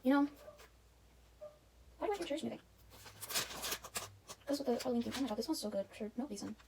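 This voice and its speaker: Fast-chatting young woman in a kitchen. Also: on the high side, expressive, gravelly. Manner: chatty, self-mocking, breaks into snatches of show tunes. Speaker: vlogger. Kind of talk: casual baking vlog chat. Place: home kitchen. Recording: distant camera mic with noise.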